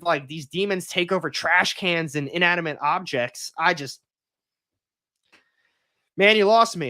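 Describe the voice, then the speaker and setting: Young male livestream host, slightly high-pitched, rambling and opinionated, casual. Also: bright, forceful tone. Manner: rambling, opinionated, with frequent restarts. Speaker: comics YouTuber hosting a livestream.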